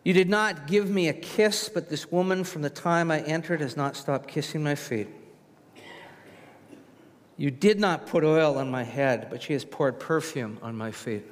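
A man reading aloud the words of a calm male teacher who rebukes his host, in an earnest, plain way. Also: on the high side, a little slow, close to an everyday voice. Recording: reverberant hall.

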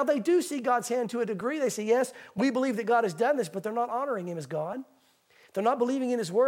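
A pastor with a very high voice, delivering a sermon to his congregation. He reads the scripture passages slowly and with strong emphasis. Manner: preaching, reading scripture aloud slowly and emphatically.

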